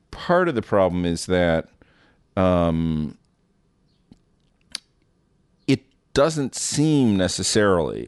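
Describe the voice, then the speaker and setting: A man as a guest commentator, speaking in thoughtful, deliberate commentary. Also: low-pitched, a little mellow, no echo, studio quality. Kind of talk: measured spoken commentary.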